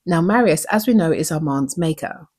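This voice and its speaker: A woman's voice: low voice, animated, normal speed, darkish tone, husky. A woman hosting her own channel, breaking down a TV episode with earnest emotion and many rhetorical questions. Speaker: YouTube show recap host.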